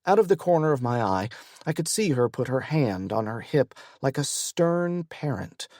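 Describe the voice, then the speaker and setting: A man narrating a romance audiobook in the first person, in a measured, intimate storytelling manner. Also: medium pitch, big pitch swings, a little mellow, no room sound, studio quality.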